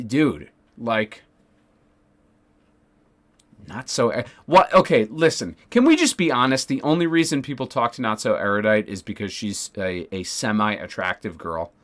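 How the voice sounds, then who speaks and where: A man's voice: mid-range voice, fairly bright tone. A man streaming casually, ranting sarcastically with lots of swearing, fillers and restarts. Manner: profane, sarcastic, rambling with many fillers.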